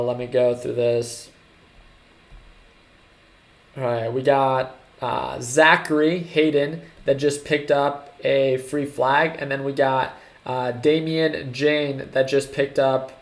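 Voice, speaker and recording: Excitable man hosting a trading livestream. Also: mid-range voice. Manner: excitable, hyping up viewers. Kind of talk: casual livestream commentary.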